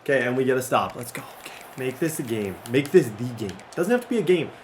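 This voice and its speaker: A young man giving casual commentary while he plays a football game, rambling and hard on himself, then yelling when a play goes his way. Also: mid-range voice, quick pace, slight background noise. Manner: rambling, self-critical, bursts into excited yelling. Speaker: gaming youtuber.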